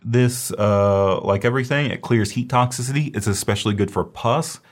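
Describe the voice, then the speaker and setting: A man's voice: medium pitch, normal speed. A man giving a casual, explanatory recorded lecture on herbal medicine, repeating key terms as he goes.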